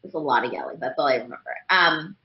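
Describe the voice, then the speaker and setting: A woman's voice: extremely low pitch, big pitch swings, fast, creaky. A woman voice actress chatting as an interview guest, rambling with lots of fillers. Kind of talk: casual interview chat. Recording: roomy, dull lo-fi sound.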